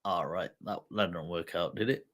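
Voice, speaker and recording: A male host telling a humorous historical anecdote in a relaxed, chatty way, often laughing as he goes. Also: deep voice. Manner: laughing while retelling a humorous anecdote, quoting poetry; slow, unhurried delivery. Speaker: host and religious teacher. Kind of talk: casual storytelling talk.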